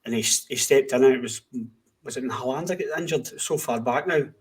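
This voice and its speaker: A man's voice: medium pitch, fast talker, breathy edge. A man co-hosting a football podcast, chatting casually and steadily about his club. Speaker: podcast co-host.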